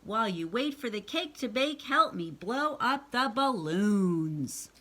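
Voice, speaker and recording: A woman voicing a cheerful grown-up father frog in a storybook, speaking slowly and coaxingly. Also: on the high side, big pitch swings, fairly bright tone, exaggerated voice.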